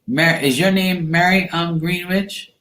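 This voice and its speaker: The echoey-room tarot stream host from Bermuda speaks slightly high and unhurried, with a fairly bright tone. Rambling and relaxed, he responds to viewers by name as their comments come in.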